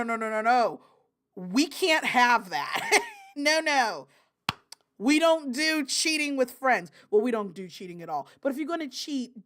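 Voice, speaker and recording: A woman with a fairly high voice hosts a casual live stream and talks through her viewers' chat. She rambles with plenty of fillers and apologies, then breaks into loud, excited outbursts. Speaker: livestream host reading viewer chat.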